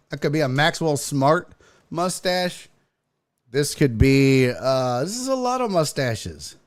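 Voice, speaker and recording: A man's voice: on the high side, big pitch swings, takes it slowly. A man hosting a casual sports livestream, joking with his chat, his voice swinging around as he laughs often. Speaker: sports podcast host. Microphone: desk microphone.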